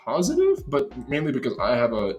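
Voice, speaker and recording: An American man hosting a relaxed chat and talking freely, with plenty of "like"s. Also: medium pitch, brisk, soft background music. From USA. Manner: relaxed, talkative, many "like"s and little impressions. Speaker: host. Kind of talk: casual chat.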